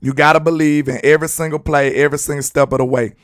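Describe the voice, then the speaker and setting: Southern-accented sports host, high for a man, lively and slangy, sings his shout-outs, faint music underneath. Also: quick pace. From Alabama. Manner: animated, slangy, breaks into sing-song shout-outs. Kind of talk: casual livestream sports commentary.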